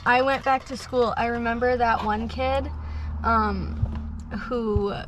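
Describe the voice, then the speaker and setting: A woman's voice: fairly high pitch, fairly even intonation, slow, a bit bright, slight background noise, low-quality recording. A woman in her twenties telling a rambling, filler-heavy story in a car, laughing often. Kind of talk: casual storytelling. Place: inside a car. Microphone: phone camera.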